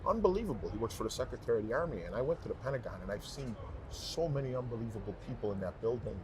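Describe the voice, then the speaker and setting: A man who is a professional singer, guest on an interview show, telling stories in an animated, emphatic, rambling way. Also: medium pitch, very fast, background noise. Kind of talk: casual interview talk.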